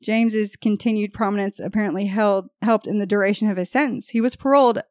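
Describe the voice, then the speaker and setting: A woman's voice: mid-range voice, fairly even intonation, quick pace, darkish tone, no echo, clean studio sound. A woman hosting a podcast, reading out an old murder case and breaking off now and then to joke with her co-hosts. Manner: reads case details, breaks off to joke and laugh. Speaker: podcast host telling a true crime story. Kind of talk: casual true crime storytelling with banter.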